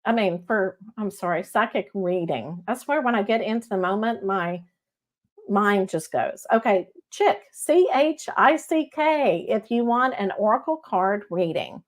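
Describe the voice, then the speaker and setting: A middle-aged woman with a Texas accent, a medium hosting a casual live-stream reading. She talks in a chatty, warm-hearted way and often checks in with "okay?". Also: mid-range voice, normal speed. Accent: Texan. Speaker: psychic medium host.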